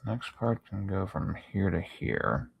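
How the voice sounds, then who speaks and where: A man chatting casually with his viewers while he draws late at night, sleepy and yawning, swearing freely, talking to chat between long pauses. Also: low voice, very animated, creaky, breathy edge. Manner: laid-back, swears a lot, talks to chat between pauses. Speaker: art streamer.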